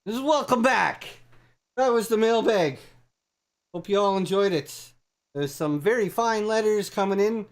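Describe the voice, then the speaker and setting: A man's voice: sits high, measured pace. A man hosting a comedic call-in talk show, chatty and eager, often cutting in with questions.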